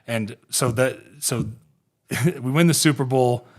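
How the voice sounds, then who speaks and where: A man's voice: medium pitch, a little slow. A man in his thirties from Ohio, hosting a podcast and telling rambling, profane, laughing stories about his football career. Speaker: podcast host and former pro football player. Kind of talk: casual podcast storytelling.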